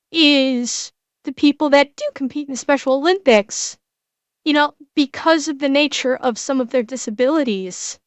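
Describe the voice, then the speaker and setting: A woman streamer with a high voice, recorded without echo, gives casual reaction commentary. She's earnest and emotional, speaking in halting bursts full of restarts and repeated words.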